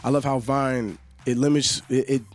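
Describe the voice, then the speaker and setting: A young man chats as a radio interview guest. His voice sits mid-pitched and easygoing, and he rambles loosely, filling gaps with "you know". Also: steady tone, measured pace. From Yonkers, New York. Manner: laid-back, rambling, peppered with "you know". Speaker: singer and Vine creator, guest. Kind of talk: casual interview talk.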